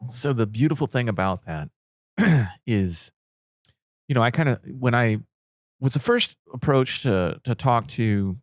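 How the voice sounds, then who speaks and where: This is a male podcast host with a mid-range voice that moves a lot in pitch. He chats casually and keeps reacting, recorded dry and close. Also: animated, unhurried, no echo. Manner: reactive, lots of short affirmations. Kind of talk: casual interview chat.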